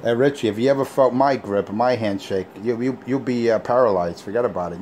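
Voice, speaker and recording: A man's voice: medium pitch, fairly quick, hardly any pauses, background noise. A man hosting an online talk show, taunting and mocking someone in a profane way. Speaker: show host. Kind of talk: casual mocking chat.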